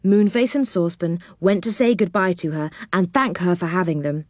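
Woman reading a kids' storybook, calm and even, dry close sound. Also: normal speed, no echo. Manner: calm, low-key narrating. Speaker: audiobook narrator. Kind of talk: storybook narration.

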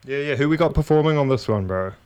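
Laid-back slangy Kiwi radio host. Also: male voice, medium pitch, expressive, quick pace, a little mellow, clean tone, no room sound. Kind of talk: casual radio chat.

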